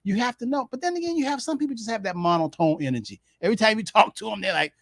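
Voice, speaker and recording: An older man co-hosting a casual chat, animated, laughing often and acting out quoted voices. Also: high voice, rapid-fire, dry recording, studio quality. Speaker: co-host.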